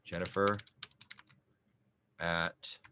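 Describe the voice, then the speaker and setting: A lowish-voiced man, a small business advisor, demonstrates an online application form on screen share, cracking small jokes and thinking aloud field by field. His delivery is flat and extremely slow yet bright and forceful, with typing, mouse clicks and slight background noise behind him.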